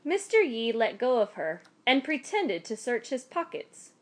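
A woman reads a folk tale aloud in a high, lively voice. She takes her time, shaping each sentence with a measured, expressive storyteller's touch. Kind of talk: scripted folk tale narration.

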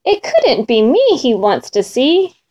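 A tiny, timid mouse from a children's storybook squeaks and speaks in rhyme, as a woman puts it on. The voice is high and lively. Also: takes it slowly, exaggerated voice. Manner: squeaky, rhyming.

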